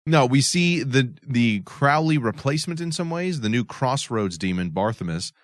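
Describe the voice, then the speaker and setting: A man co-hosting a casual podcast, thinking out loud at length about a TV episode with many restarts. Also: medium pitch, lively intonation, normal speed, dry recording, studio quality. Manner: thoughtful, explains at length with restarts. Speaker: podcast co-host.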